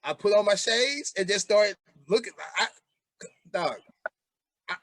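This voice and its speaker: A man's voice: high voice, lively intonation, unhurried, a bit bright, no room sound. A man in his forties co-hosting a podcast, chatting casually in a laid-back way. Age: 40s. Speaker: podcast co-host. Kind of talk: casual chat.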